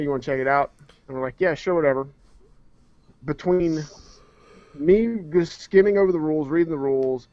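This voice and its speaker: A man's voice: mid-range voice, no room sound. A man co-hosting a casual podcast chat, explaining at length in a rambling, hesitant way. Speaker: podcast co-host. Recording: dry, dull lo-fi recording.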